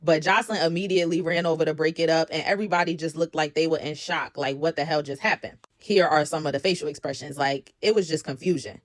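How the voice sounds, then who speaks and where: A woman's voice: sits low, steady tone, fast, hardly any pauses, no echo. Chatty woman recapping reality TV drama. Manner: chatty, incredulous asides, quotes others with slang. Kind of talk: casual recap commentary.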